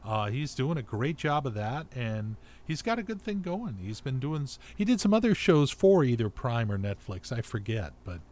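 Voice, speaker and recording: Relaxed rambling man on a podcast. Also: medium pitch, moderate pace, hardly any pauses. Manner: relaxed, rambling with fillers and restarts. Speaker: podcast co-host. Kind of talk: casual chat.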